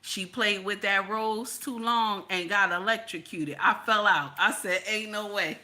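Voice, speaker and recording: A woman hosting casual reaction commentary, animated and brash with preachy asides. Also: mid-range voice, measured pace. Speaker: commentary host.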